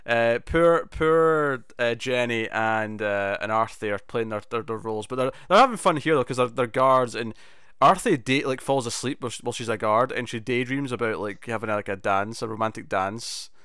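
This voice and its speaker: Male podcast co-host, smooth clear voice, dry sound, rambling amused recap. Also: medium pitch, normal speed, fairly bright tone, no room sound. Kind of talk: casual TV review chat.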